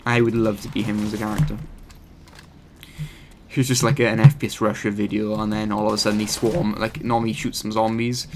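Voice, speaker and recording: A man's voice: on the low side, flat delivery, fairly quick, noisy background. A man hosting his gaming channel, giving rambling, chatty live commentary over his gameplay and often correcting himself.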